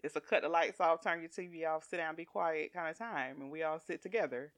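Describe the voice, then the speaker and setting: A middle-aged woman telling a story in casual chat, animated and laughing often as she acts out voices. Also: low-pitched, brisk, no room sound.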